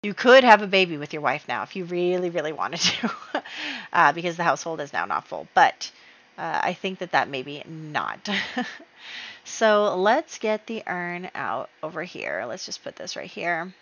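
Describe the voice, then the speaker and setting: A woman's voice: fairly low pitch, big pitch swings, moderate pace, fairly bright tone, muffled recording. A woman hosting a let's play, chatting casually as she narrates her game moves with fillers and small laughs.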